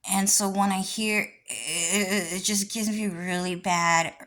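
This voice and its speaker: A woman's voice: medium pitch, steady tone, takes it slowly, a bit bright. A woman vlogger talking in a casual, rambling monologue with many restarts and frequent swearing.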